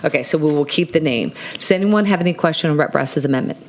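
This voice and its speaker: A woman runs a legislative committee hearing from the chair. Her talk is halting and procedural, full of "um" and restarts as she walks members through motions. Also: deep voice. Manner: halting, with many fillers and restarts.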